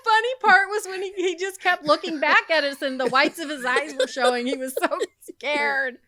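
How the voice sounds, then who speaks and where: A woman's voice: high-pitched, moderate pace, no echo. A woman podcast co-host, telling a story in casual chat with lots of laughter. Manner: animated, laughing as she tells a story.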